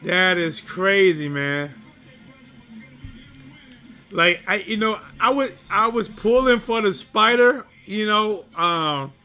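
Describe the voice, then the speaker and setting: A high, bright male voice commenting on a fight for his live stream audience. He talks straight to his viewers and gets excited easily, with plenty of fillers and restarts. Faint music plays behind him. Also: takes it slowly, smooth.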